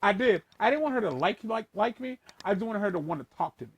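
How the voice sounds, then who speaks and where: A man talking casually and rambling with lots of profanity, shifting between a playful voice and a lower, more formal one. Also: animated, fast talker, slightly rough. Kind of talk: casual chat.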